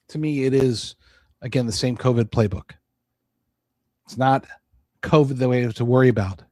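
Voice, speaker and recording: A man's voice: mid-range voice, darkish tone, no room sound. Rambling, conversational male podcast host. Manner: rambling, conversational, with frequent restarts. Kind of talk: casual political monologue.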